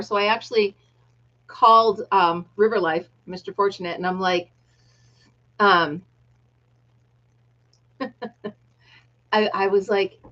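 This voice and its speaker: A woman's voice: mid-range voice, fairly even intonation, takes it slowly, long pauses, fairly bright tone, lo-fi sound. A middle-aged woman casually chatting on her livestream, greeting viewers by name and laughing often. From United States. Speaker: livestream host. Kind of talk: casual chat.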